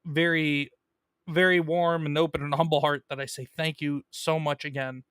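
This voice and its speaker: A man hosts a casual comic book live stream, reading chat messages aloud and talking loosely with plenty of fillers. His voice sits a little high and sounds bright and forward. The recording is dry and close to the mic. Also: little pitch movement, moderate pace, clear, resonant tone, no echo. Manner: chatty, with many fillers and restarts, reads viewer messages.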